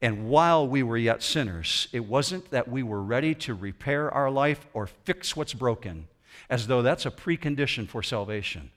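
In a church auditorium, a pastor delivers his sermon at a normal speed in an animated, mid-range voice. He moves back and forth between loud emphasis and quiet intensity.

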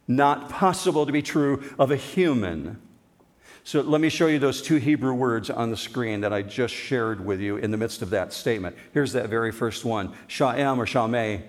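A man preaching to a church congregation in an emphatic sermon style. His voice sits in a middle pitch, and he slows down to lean on the words he wants to stress. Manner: emphatic, drawing out key words. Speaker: pastor.

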